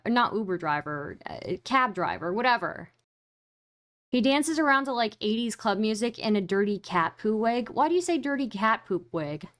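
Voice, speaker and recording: A woman's voice: fairly high pitch, fairly bright tone, no echo. A woman hosting a live stream, giving rambling, incredulous casual commentary with lots of fillers. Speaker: streamer host.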